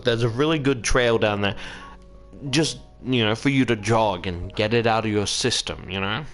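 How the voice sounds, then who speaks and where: A man retells a horror story in a loose, rambling way, stumbling over his words and swearing as he goes. His voice sits at an ordinary pitch, with soft music playing behind him. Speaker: reader summarizing a horror book. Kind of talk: casual book recap and commentary.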